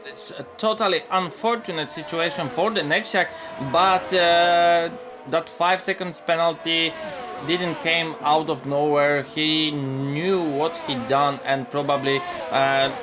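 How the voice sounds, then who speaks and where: A man's voice: on the high side, fairly even intonation. Man co-commentating over music. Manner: halting, with many "uh" fillers. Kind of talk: live esports race commentary.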